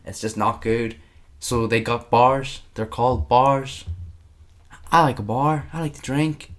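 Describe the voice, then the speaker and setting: A young man co-hosting a casual chat podcast, ranting in an animated way and swearing freely. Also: medium pitch, a little slow. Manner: ranting, animated, swears freely, drifts into mock-dramatic outbursts. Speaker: podcast co-host.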